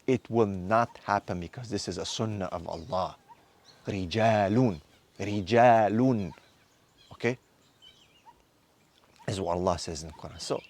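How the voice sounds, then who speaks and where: Man, thirties, course instructor, hectoring lecture, rhetorical questions, very lively intonation. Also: deep voice, slightly rough. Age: 30s. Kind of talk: impassioned motivational lecture.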